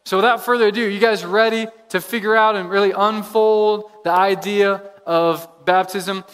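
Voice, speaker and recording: A man preaching a sermon as pastor, energetic, repeating phrases for emphasis, in a church. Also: high voice, normal speed, clean tone. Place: church sanctuary. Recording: long reverb of a large hall.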